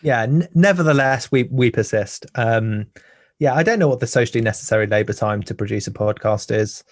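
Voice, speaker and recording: Man, podcast host, halting delivery, frequent word repeats, mid pitch, dry recording. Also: expressive, dry recording. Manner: halting, repeats words often. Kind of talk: conversational podcast interviewing.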